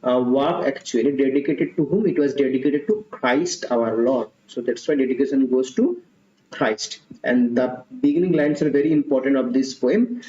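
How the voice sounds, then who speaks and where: A man's voice: mid-range voice, moderate pace, mellow. A man teaching an online exam-prep literature class, repeating questions and options with Hindi asides. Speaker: English literature tutor. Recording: dull, roomy lo-fi sound.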